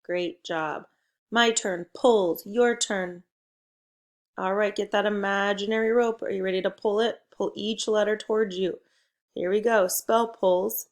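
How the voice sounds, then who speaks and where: Young woman teacher, slow patient phonics drills w little kids, call and response, middle pitch. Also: steady tone. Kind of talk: remote phonics lesson for young children.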